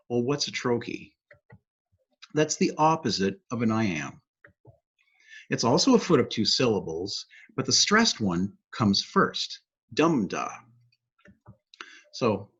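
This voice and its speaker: A husky-voiced man teaches poetry and sounds out the beats as he explains them. His tone is upbeat and explanatory, and the recording sounds dull and lo-fi. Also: medium pitch, a bit bright. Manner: upbeat, explanatory, taps out rhythms aloud. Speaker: poet laureate teaching poetry. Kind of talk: educational video talk.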